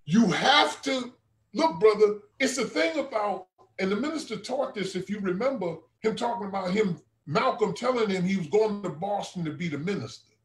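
A man's voice: sits high, lively intonation, normal speed, echoey room, rough recording. A man who serves as a regional minister, earnestly telling a personal testimony in a conversational way and often calling his listener brother. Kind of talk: testimony storytelling.

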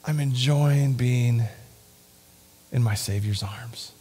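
Slow, earnest male preacher. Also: mid-range voice, breathy edge. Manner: earnest, drops to a hushed whisper at tender points. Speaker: lay preacher. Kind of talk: sermon with prayer. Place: church sanctuary.

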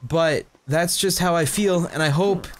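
A man reading the lines of a nervous, lovesick young hero from a fanfic, in an earnest, hurried way. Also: fairly high pitch, natural voice. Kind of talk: reading fanfic aloud in character.

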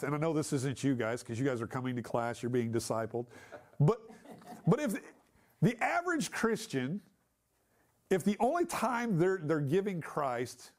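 A man's voice: on the high side, a little mellow. A man teaching a church Bible study class, talking in a conversational, emphatic way and putting questions to the class.

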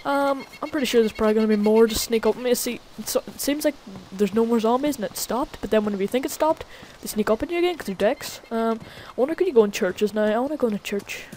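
A woman's voice: a little high, fast, hardly any pauses, a little mellow, a little hiss or hum. A woman casually commenting on her own gameplay as a gaming channel host, chatty and easily startled. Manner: jumpy, swears when startled, chatty. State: recently sick.

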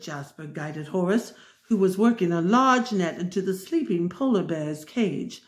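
A woman reading a storybook aloud, unhurried and expressive, her voice rising and falling a lot. She drops in wry asides as she reads. The recording sounds roomy and echoey. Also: on the low side.

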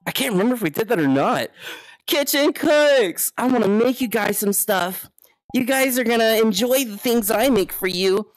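Seated at home, a VTuber streamer explores a virtual world in relaxed live chat, playful and loose, cursing freely, laughing a lot, and thanking followers. Their mid-range voice moves fairly quickly, with no room sound audible.

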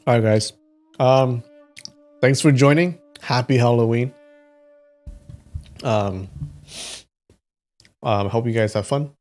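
A man's voice: medium pitch, takes it slowly, pauses often, darkish tone, faint music behind. A man chatting casually and laughing as he wraps up a livestream of folktale readings. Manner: chatty, giggly, thinks aloud.

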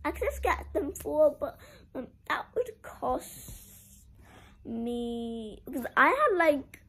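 A woman's voice: high-pitched, very animated, takes it slowly, a bit bright, low-quality recording. A young girl doing a casual clothing-haul vlog, chatty and full of "like", making a drama of her disappointment. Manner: chatty, heavy use of "like", dramatic about being sad. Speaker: vlogger.

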